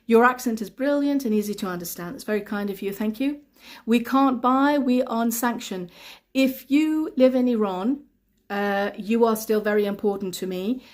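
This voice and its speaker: A woman with a somewhat high voice teaches English on a live stream. She reads her viewers' questions aloud and answers each one, repeating the key points patiently so that learners can follow. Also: moderate pace.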